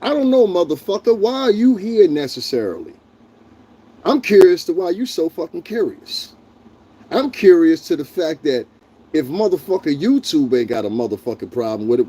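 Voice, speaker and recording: A man's voice: a little high, dark tone, breathy edge. A man hosting a livestream, ranting in a heated, profane, confrontational way and talking directly to his chat viewers. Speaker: livestream host.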